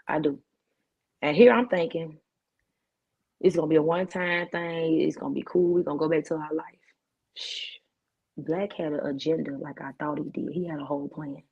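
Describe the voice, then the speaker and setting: Talk show guest: low-voiced woman telling her story with punchy slang on a dull lo-fi recording. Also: creaky, slightly rough. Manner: vivid storytelling with street slang and repetition.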